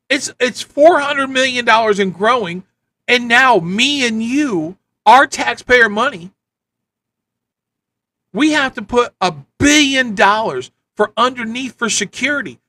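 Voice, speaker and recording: A man's voice: extremely high pitch, expressive, measured pace, bright, forceful tone. A man hosting a live stream, giving blunt, repetitive political commentary in a ranting manner. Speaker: livestream host.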